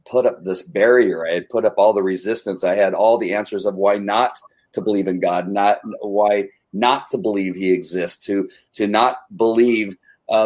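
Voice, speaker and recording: A man with a somewhat low voice tells a personal story in casual conversation. He is earnest and halting, restarting his sentences as he goes. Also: a little mellow. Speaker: podcast host.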